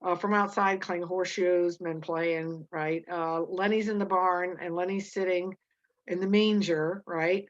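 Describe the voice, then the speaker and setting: Halting low-voiced woman teacher, lo-fi. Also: fairly even intonation. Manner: halting, many fillers and restarts. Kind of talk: explaining and reading a novel aloud.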